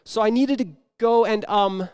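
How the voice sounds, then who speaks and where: A man's voice: high voice, normal speed, darkish tone, clean tone. A man telling an improvised comic story on a conference stage before an audience, acting out the dialogue and dropping into sudden whispers. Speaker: improv performer and speaker.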